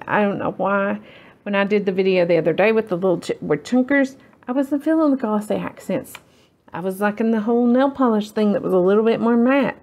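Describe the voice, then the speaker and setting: A woman's voice: medium pitch, a little mellow. A woman hosting a casual crafting tutorial, rambling and self-deprecating as she works. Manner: rambling, self-deprecating, talks while working.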